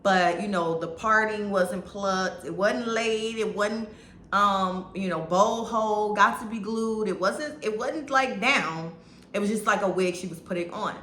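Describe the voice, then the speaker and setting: A woman's voice: fairly low pitch, bright, forceful tone, a little hiss or hum. A woman chatting through a movie review in a casual, rambling way, full of restarts and fillers. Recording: echoey room.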